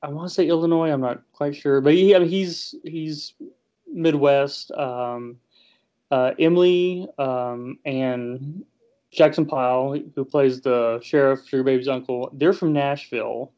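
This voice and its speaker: A Southern man in his thirties talks casually as an interview guest, halting often with ums and restarted phrases. His voice sits at an ordinary pitch. The audio is dull and lo-fi, as if recorded through a modest mic. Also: steady tone, warm tone. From American South. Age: 30s. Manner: hesitant, many fillers and restarts. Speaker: filmmaker guest. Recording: muffled lo-fi audio.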